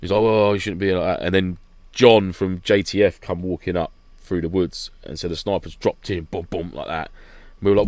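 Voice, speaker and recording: A man's voice: sits low, steady tone, a little fast, darkish tone, no room sound. A man chatting casually on a podcast, telling a rambling story and laughing often. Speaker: podcast guest regular recounting an event. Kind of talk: casual chat.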